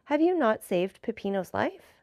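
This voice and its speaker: A woman voicing an earnest young gentleman in a formal, measured storybook reading. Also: on the high side, very animated, creaky, dry recording, studio quality. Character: earnest young gentleman, worried for his friend.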